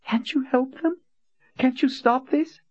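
Man doing a scared young woman. Raised and hushed, pleading. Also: very high-pitched, a little slow, breathy edge, voice pushed up, heavily acted. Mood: frightened. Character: frightened young female slave. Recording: dull lo-fi audiobook recording.

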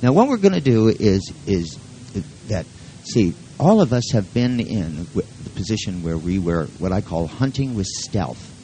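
A man's voice: fairly low pitch, big pitch swings, a little slow, mellow, slight background noise, rough recording. A man leading a live workshop who talks in a rambling, joking and profane way. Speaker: seminar leader.

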